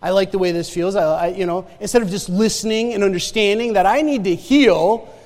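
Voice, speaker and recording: A man's voice: high-pitched, brisk, a little mellow, big-room sound. A male pastor preaching a sermon in a conversational storytelling way, often restarting and repeating words and asking the congregation direct questions.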